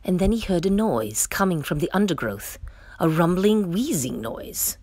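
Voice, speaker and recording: Expressive woman reading a kids' story. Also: lowish voice, moderate pace, no echo. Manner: expressive, playful. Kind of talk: children's story read-aloud.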